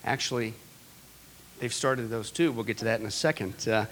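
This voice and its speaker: A man preaching a sermon, excitable and direct, with many fillers and asides to his listeners. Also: medium pitch, moderate pace. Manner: excitable, talks straight to the audience with many fillers. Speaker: pastor.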